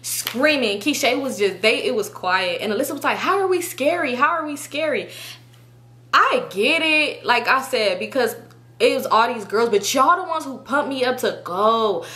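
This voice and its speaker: Young woman, storytime vlogger, bright tense voice, animated, cussing, slangy. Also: a little high, moderate pace. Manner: animated, profane, slangy, acts out friends' lines. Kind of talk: casual storytelling to viewers.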